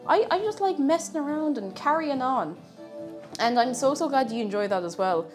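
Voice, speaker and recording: A woman's voice: sits high, animated, normal speed, soft background music. A woman chatting casually and playfully with her viewers while cooking in her home kitchen on a livestream. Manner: playful rambling banter with chat. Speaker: streamer. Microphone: streaming mic.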